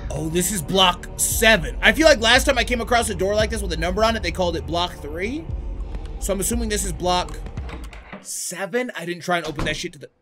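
Animated man shouting through a horror game. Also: sits high, brisk. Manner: animated, crude, bursts into shouting when startled. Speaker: gaming YouTuber. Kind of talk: let's play commentary. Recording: game music playing behind.

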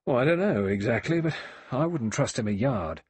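A man voicing a blunt, suspicious middle-aged male ex-inspector who talks gruffly and colloquially. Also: mid-range voice, lively intonation, normal speed, darkish tone, no echo, pitched above the performer's own voice.

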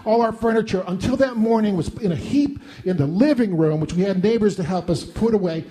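A middle-aged man telling a self-deprecating comic monologue in an animated way. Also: high voice, a little fast. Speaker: storyteller.

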